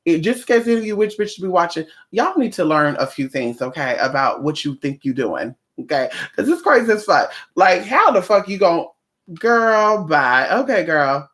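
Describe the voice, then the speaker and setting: In a sing-song, slightly bright voice of medium pitch, a vlogger who works as a spiritual practitioner talks at a normal pace from home. Her casual chat rambles and is sassy and profane.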